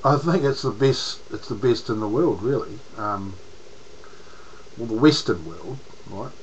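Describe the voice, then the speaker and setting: A man's voice: medium pitch, lively intonation, unhurried, slight background noise, low-quality recording. A man with a New Zealand accent, rambling in a casual monologue to camera as a political vlogger, restarting his sentences often and using slang.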